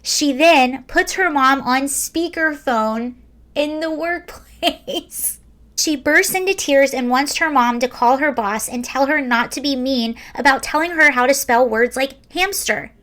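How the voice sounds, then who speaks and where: A woman's voice: high voice, a little slow, fairly bright tone. A woman in her early forties hosting a casual video, reading a story aloud with wry, sarcastic commentary. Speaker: video host.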